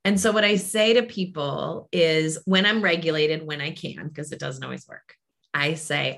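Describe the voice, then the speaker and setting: A woman's voice: sits low, normal speed, creaky, fairly bright tone. A woman who works as a grief clinician and hosts a podcast, talking in an earnest, emphatic way and acting out the phrases people say. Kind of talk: casual conversation.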